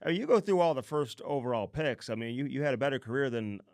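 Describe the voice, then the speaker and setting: A man's voice: medium pitch, lively intonation, fast, darkish tone, dry recording. Rambling male podcast host, dry sound. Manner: loose, rambling questions with fillers. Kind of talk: casual interview.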